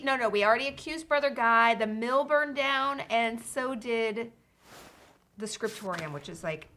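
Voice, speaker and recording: A woman's voice: fairly high pitch, bright, forceful tone, a little hiss or hum. A woman streaming a video game, chatting casually with viewers and reading game dialogue aloud. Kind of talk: casual live-stream chat.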